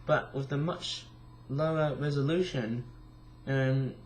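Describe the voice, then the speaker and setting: A tired young man with a croaky voice, rambling casually through a vlog with lots of fillers and restarts. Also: mid-range voice, steady tone, slow, slight background noise. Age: young adult. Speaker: vlogger.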